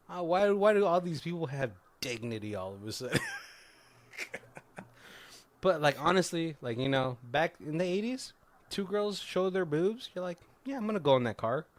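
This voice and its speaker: A man's voice: a little high, expressive, unhurried, long pauses. A man hosting a podcast, chatting casually about a film in loose, run-on bursts and laughing often. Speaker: podcast host. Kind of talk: casual chat reviewing a film.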